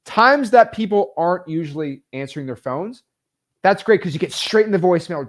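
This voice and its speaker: A man coaching real estate wholesaling in casual, energetic talk full of fillers. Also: high voice, fairly quick. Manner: energetic, filler-heavy, chatty.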